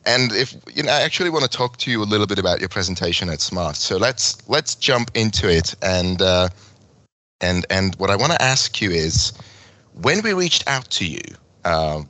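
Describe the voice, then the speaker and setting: Very deep, bright-toned host. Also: male voice, lively intonation, normal speed, no echo. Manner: earnest, many ums and uhs. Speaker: podcast host. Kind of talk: hosted interview.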